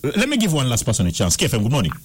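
A man hosting a breakfast radio quiz, taking calls and teasing the callers in a lively, playful way. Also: medium pitch, racing, slightly rough. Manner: lively, teasing, switches into Luganda. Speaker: radio breakfast show host. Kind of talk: morning radio quiz call-in. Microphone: studio microphone.

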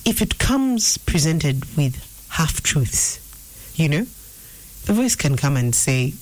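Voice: medium pitch, big pitch swings, takes it slowly, low-quality recording. A preacher teaching an informal sermon, earnest and repeating phrases for emphasis. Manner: acts out inner voices in quotes. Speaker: preacher answering a viewer question.

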